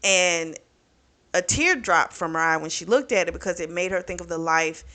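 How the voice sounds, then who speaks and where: Chatty, bright-voiced woman reviewing a book. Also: on the low side, normal speed. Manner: chatty, profane, animated retelling with lots of fillers. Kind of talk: casual book recap.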